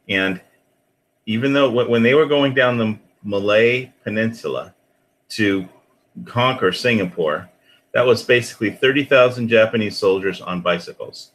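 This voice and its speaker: A man's voice: on the low side, normal speed, a bit bright, slight background noise, poor audio. A man on a discussion panel, telling rambling stories in a casual, chuckling way.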